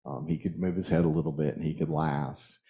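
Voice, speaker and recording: In a church sanctuary, a man delivers a sermon with an extremely low, level-toned voice, speaking briskly. He tells stories conversationally and chuckles along the way, and the recording sounds lo-fi.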